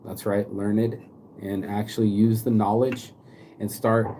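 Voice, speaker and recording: A man's voice: lowish voice, flat delivery, unhurried, mellow, slight background noise, low-quality recording. A man from the Bay Area hosting a rambling motivational live stream from his phone while walking outdoors, talking in a loose, slangy, profane way. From Bay Area, California.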